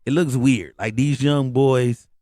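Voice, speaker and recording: A middle-aged man hosts a podcast in loose, slangy comedic talk. His voice is mid-pitched, and it jumps high on the asides. The sound is dry and close, with no room echo. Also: measured pace. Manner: animated, slangy storytelling with rising pitch on asides. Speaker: podcast host. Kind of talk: casual comedic monologue.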